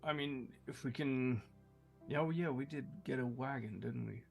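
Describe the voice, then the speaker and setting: Gravelly-voiced easygoing male player. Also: medium pitch, normal speed, a little mellow, faint music behind. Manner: laughs often, easygoing. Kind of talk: tabletop game chat.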